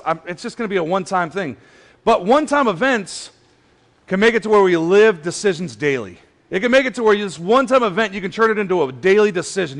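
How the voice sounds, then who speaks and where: A man's voice: high voice, creaky, fairly bright tone, big-room sound. A man preaching a sermon in a casual, joking style, going off on playful rants. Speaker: pastor. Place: church hall.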